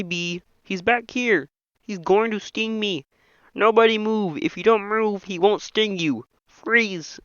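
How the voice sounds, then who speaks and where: A man doing an impression of a nasal, excitable male puppet frog, reading a whole film script aloud as every character. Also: high-pitched, clean tone, no echo, heavily acted. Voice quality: nasal, reedy. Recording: dull lo-fi dry home mic.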